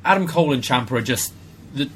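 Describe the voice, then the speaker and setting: A man co-hosting a podcast, chatting casually, making jokes and agreeing quickly. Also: medium pitch, expressive, slight background noise. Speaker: podcast co-host. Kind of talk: casual chat.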